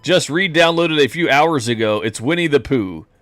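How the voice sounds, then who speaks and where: A man's voice: fairly high pitch, expressive, moderate pace, a bit bright, no room sound. A man streaming a game and chatting casually with viewers, rambling and poking fun at himself. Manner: rambling, self-deprecating, jokey. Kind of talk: casual live-stream chat.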